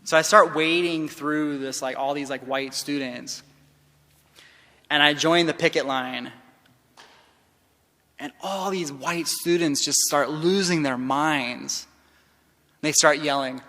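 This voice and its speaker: A man delivers a keynote talk in a large hall, and the long reverb trails his voice. He speaks with a bright, forceful tone that sits a little high for a man. His storytelling is impassioned, swinging between hushed passages and loud ones. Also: slow pace, long pauses.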